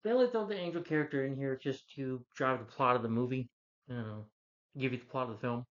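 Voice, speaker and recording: A man's voice: mid-range voice, fast talker, highs cut off. A man giving a casual, rambling movie review, restarting sentences and quoting lines as he goes. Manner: rambling, restarts, hums the score and quotes lines.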